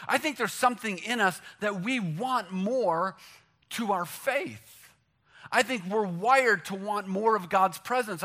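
A man preaching a sermon, animated and joking, swinging between loud punchlines and hushed emphasis. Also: high-pitched. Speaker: pastor.

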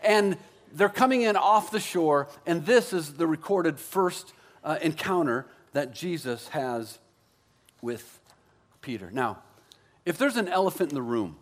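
A man's voice: on the high side, lively intonation, a little slow. A man preaching a sermon as pastor, conversational and joking, with self-deprecating asides.

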